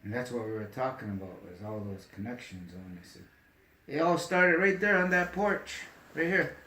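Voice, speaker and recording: A man telling stories in casual conversation, emphatic and animated, often asking if the listener follows. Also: medium pitch, normal speed, reverberant, slight background noise, low-quality recording. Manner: animated, emphatic, asks "you get me?". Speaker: storyteller. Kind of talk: casual storytelling chat.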